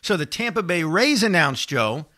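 Excitable high-voiced New radio host. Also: male voice, normal speed, dry recording, studio quality. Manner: excitable, building to near-shouting enthusiasm. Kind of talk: sports talk radio.

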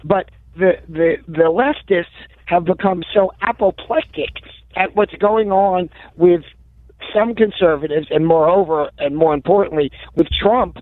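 A man's voice: high voice, unhurried, no room sound. A man calling into a radio show as a guest, giving articulate, sardonic political commentary that he builds step by step. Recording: tinny phone-line call.

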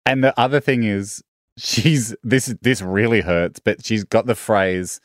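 A middle-aged Australian man, a podcast guest, telling stories in an animated, self-deprecating way and acting out the lines he quotes. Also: fairly low pitch, a little slow, no echo, studio quality. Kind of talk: casual storytelling.

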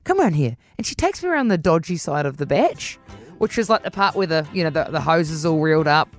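Kiwi woman yarning on air, voice bouncing up and down a lot, bit of music under it. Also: quick pace. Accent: New Zealand. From New Zealand. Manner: animated, acts out quoted voices with big pitch jumps. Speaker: radio host. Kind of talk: casual storytelling chat.

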